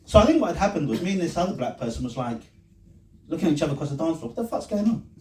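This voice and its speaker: A man's voice: on the high side, sing-song, racing, darkish tone, a little hiss or hum. A man doing a loose, self-mocking stand-up set in a small room, his voice swinging widely up and down. The sound is roomy and a little distant, picked up from across the space. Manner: rambling, self-mocking, frequent laughing asides. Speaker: stand-up comedian. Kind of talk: stand-up set and vlog commentary. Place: small pub comedy room. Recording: echoey room recorded from a distance.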